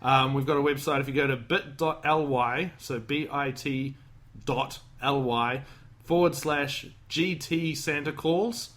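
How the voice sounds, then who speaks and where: A man's voice: medium pitch, steady tone, unhurried, a bit bright. A man hosting a podcast, rambling and joking in casual chat, acting out lines from a movie. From Australia. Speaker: podcast host.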